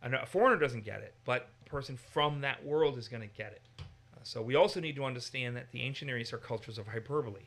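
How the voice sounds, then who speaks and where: An American man teaching in a casual discussion, animated and given to acting out voices in his examples. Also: mid-range voice, fast. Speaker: Bible teacher.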